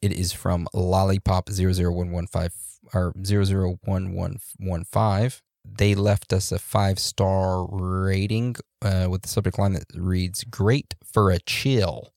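A man co-hosting a podcast in a relaxed, joking way, reading out listener reviews with loose fillers and laughs. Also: sits low, a little slow, creaky, dry recording, clean studio sound. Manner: laid-back, laughs and jokes, loose fillers. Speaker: podcast co-host.

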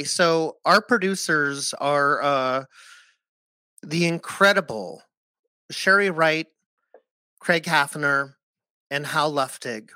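Bright-voiced, animated young man. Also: a little high, dry recording. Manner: animated, swearing, jumping into voices. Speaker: co-host and musical writer. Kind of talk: casual chat on a video stream.

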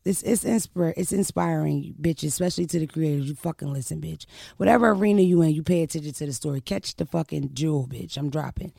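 A young adult woman hosting a podcast, telling her story in a casual chat. She speaks in a brash, profane, animated way. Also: sits low, fast, gravelly, no room sound, clean studio sound. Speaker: podcast host.

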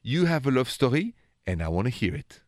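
Man, thick French accent, radio host, playful, romantic, middle pitch, dry close studio mic. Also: big pitch swings, fairly quick, dry recording. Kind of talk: late-night call-in radio chat. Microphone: studio microphone.

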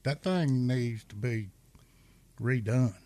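A man who is a guest on a podcast, telling a story in a plain, halting way. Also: mid-range voice, darkish tone, no room sound. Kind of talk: casual storytelling.

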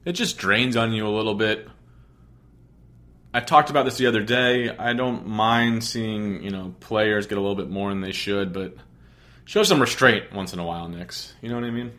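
A man's voice: lowish voice, normal speed, sharp tone. A man hosting a sports podcast, chatting casually with a sarcastic, rambling, joking manner. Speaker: podcast host.

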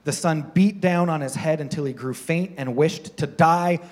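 An animated man preaching to a congregation, his voice sitting a little high. He swings between lively, playful storytelling and quieter, earnest points. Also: moderate pace. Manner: animated, mocking voices for the characters. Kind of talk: sermon.

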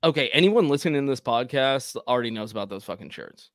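A man's voice: medium pitch, animated, fast, dry recording. A man co-hosting a podcast in casual chat, rambling and self-deprecating about falling behind. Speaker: podcast co-host.

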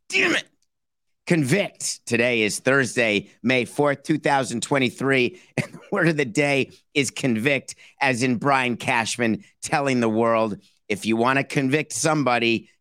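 A man's voice: medium pitch, fairly bright tone, no echo, clean studio sound. A man hosting a sports talk podcast, talking sarcastically and building his points like a mock courtroom argument. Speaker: podcast host.

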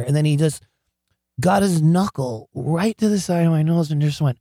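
A man guest in an interview, telling wild stories in an animated, excitable way, laughing often and acting out what people said. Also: a little high, moderate pace, dry recording, studio quality. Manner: animated, excitable storyteller who laughs often and acts out quotes. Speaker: guest, rock singer. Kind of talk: storytelling interview.

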